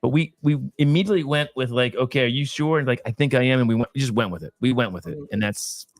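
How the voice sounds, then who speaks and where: A man's voice: mid-range voice, fast, no room sound. A man hosting a casual whiskey tasting show, joking and teasing his co-hosts. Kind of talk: casual chat.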